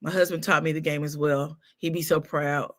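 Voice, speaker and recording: A woman hosting a casual gossip livestream, telling stories in a lively way with laughs. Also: deep voice, normal speed. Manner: animated storytelling with laughs. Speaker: show host.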